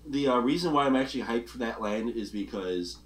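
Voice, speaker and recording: A man in a casual chat, speaking hesitantly with halting uhs. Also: mid-range voice, lively intonation.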